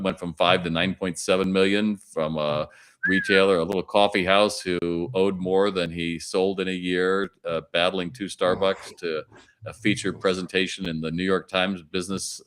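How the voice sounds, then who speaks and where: Lively low-voiced storytelling man. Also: normal speed, clear, resonant tone. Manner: animated storyteller acting out dialogue. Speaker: retail consultant and keynote speaker. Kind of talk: podcast guest chat.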